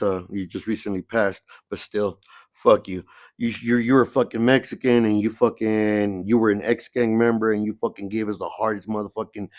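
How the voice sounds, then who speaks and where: Streetwise man telling rough stories. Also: lowish voice, no room sound. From San Diego area. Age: middle-aged. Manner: streetwise, repeats "you know what I mean". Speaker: podcast guest. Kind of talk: casual storytelling, heavy cursing.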